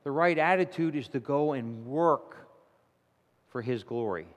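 A man preaching a sermon, telling a story in a lively, animated way. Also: a little slow, big-room sound. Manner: animated storytelling, rising to loud indignant pitch in acted quotes. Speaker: pastor. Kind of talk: sermon with a told joke.

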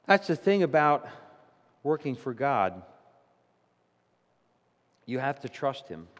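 A man preaching a sermon, telling a story in a lively, animated way. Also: takes it slowly, in a large hall. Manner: animated storytelling, rising to loud indignant pitch in acted quotes. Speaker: pastor. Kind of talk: sermon with a told joke.

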